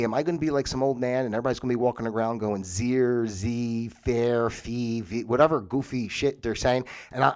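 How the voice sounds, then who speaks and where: Using a webcam setup and moving on and off camera, a man hosting a livestream reads from a web page and rambles with casual, disbelieving comments. His voice is mid-range with a darkish tone.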